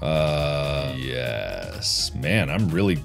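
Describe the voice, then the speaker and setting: A man in his thirties hosting a casual gameplay video, joking around and yelling at setbacks. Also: very deep voice, very animated, extremely slow, creaky, soft background music. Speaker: gaming video host. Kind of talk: casual let's-play commentary.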